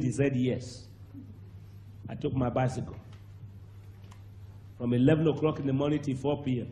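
Animated Nigerian preacher telling a story. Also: male voice, mid-range voice, slight background noise. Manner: animated storyteller, acts out voices, bursts into shouts and laughter. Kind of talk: sermon testimony.

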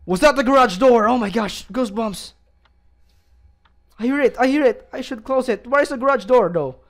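A man's voice: very high voice, normal speed. A man commentating a horror game playthrough, jumpy and easily startled, gasping, yelping and laughing nervously as he plays. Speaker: let's play gamer.

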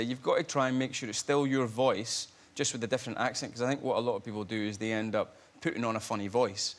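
Self-mocking Scottish man. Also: mid-range voice. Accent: Scottish, Glasgow. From Scotland. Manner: lively, self-mocking, stammers. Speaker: guest actor. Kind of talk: chat show anecdote. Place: television studio.

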